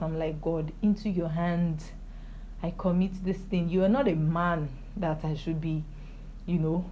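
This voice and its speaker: A woman's voice: medium pitch, muffled recording, slight background noise. A young woman speaking to camera in an emotional, joyful personal video diary, praising God. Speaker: vlogger.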